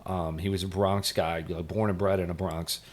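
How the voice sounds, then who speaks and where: Low-voiced retired firefighter man rambling. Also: flat delivery, brisk. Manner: rambling, full of "you know" fillers. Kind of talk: casual storytelling interview.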